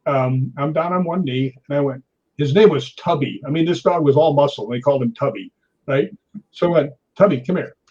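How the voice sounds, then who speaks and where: A man, a guest on a chat show, telling an animated story and tagging his sentences with "right?". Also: on the high side, a little fast, husky, dull audio.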